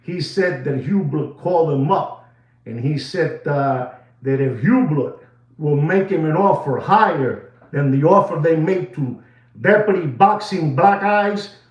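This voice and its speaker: A high-pitched man rants in a rambling, excitable comic style, hosting a watch market show. He sounds distant and echoey, with a dull, muffled recording. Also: a little slow. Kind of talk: comic rant.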